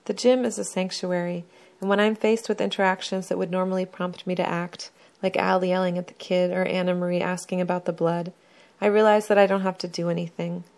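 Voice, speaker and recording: A woman reads a first-person memoir in a low voice with a gravelly, fry-edged texture. Her delivery is measured and even, unhurried storytelling. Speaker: narrator reading her own memoir.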